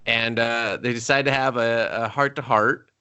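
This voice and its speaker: A man co-hosting a casual movie review podcast, sarcastic and profane, often slipping into quick mock voices to act out scenes. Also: mid-range voice, steady tone, bright, forceful tone, smooth, dull audio. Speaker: podcast co-host.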